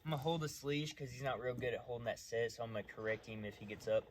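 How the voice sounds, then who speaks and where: A man with an ordinary middle-pitched voice talks through a night training session with a dog. He explains at length in a loose, rambling way, then cuts in with clipped, firm commands. A faint hiss of background noise runs under the recording. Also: level tone, fast talker. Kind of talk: casual talk while training a dog. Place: outdoors at night.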